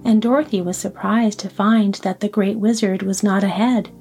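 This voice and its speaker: A woman reads a classic storybook aloud in a calm, even way. Her voice is mellow and warm rather than bright. Faint music runs quietly underneath. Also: mid-range voice, moderate pace. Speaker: audiobook narrator. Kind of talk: storybook reading.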